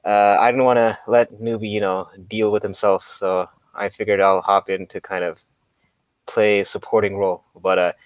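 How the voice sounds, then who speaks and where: A man's voice: on the low side, flat delivery, normal speed, no room sound. A man co-hosting a casual live-stream chat, nasal and congested from allergies, joking about it. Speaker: co-host. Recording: dull, dry sound.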